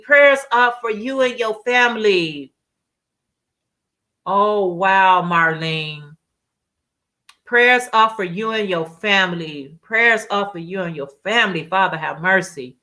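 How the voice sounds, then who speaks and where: A woman's voice: on the high side, sharp tone. A woman hosting a casual craft livestream, chatting and reading out viewer comments with frequent laughs and repeated phrases. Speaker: livestream host.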